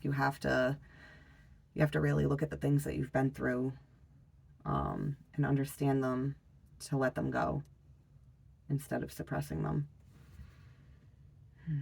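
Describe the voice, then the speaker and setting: A tarot reader talks through a spread in a loose, conversational way, with plenty of "um"s and pauses. The voice has a gravelly, creaky texture at a middling pitch. The delivery is blunt and now and then slips in a swear word. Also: darkish tone. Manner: loose and unhurried, frequent fillers and trailing pauses. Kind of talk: casual tarot reading.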